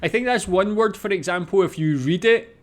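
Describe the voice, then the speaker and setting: A Scottish man hosting a casual reaction video, repeating foreign words slowly and chatting between them. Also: sits high. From Scotland.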